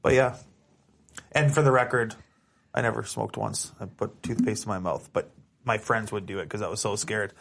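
A man hosting a podcast, chatting casually and telling a story with animated asides. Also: on the low side, moderate pace, creaky, a little hiss or hum. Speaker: podcast host. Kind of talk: casual chat.

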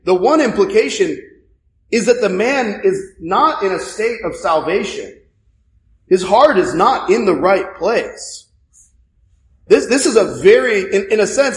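A man's voice: high voice, roomy sound, rough recording. A male priest giving a sermon in a conversational way, asking rhetorical questions.

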